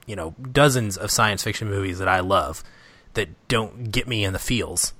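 A man's voice: fairly low pitch, normal speed, bright, forceful tone, no room sound. A man in a casual film discussion, speaking in an earnest, agreeable way.

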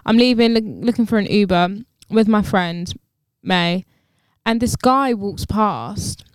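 A woman, co-hosting a casual podcast and telling stories in an animated, indignant way, swearing freely. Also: a little slow, clear, resonant tone, dry recording, clean studio sound. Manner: animated storytelling with swearing, jumps high when indignant. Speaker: podcast co-host.

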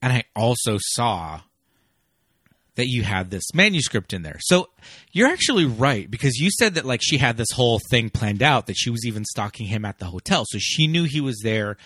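A man co-hosting a casual film podcast who talks in an animated way, laughs often and says "like" a lot. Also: medium pitch, normal speed, husky, no room sound, clean studio sound. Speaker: podcast co-host.

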